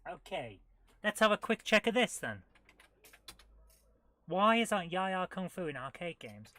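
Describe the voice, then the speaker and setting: A woman's voice: lowish voice, sing-song, a little slow, a bit bright. A woman streaming retro games, thinking aloud as she plays and reacting with amused disbelief. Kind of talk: casual live gameplay commentary.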